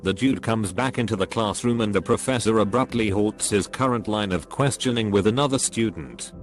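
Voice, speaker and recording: A man narrating a string of short reader stories in an even, scripted reading. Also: fairly low pitch, normal speed. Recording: faint music behind the voice. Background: faint background music.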